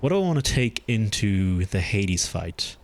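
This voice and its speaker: Chatty male streamer thinking aloud. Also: a little slow. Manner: chatty, thinks aloud, lively swings in pitch. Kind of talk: casual gameplay commentary.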